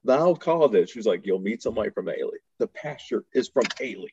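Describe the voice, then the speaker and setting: A man's voice: on the low side, animated, fast talker, mellow, husky, no room sound, lo-fi sound. A man from Houston telling stories in casual chat as a podcast guest, laughing often and acting out the voices of people he quotes. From Houston, Texas. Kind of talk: casual storytelling.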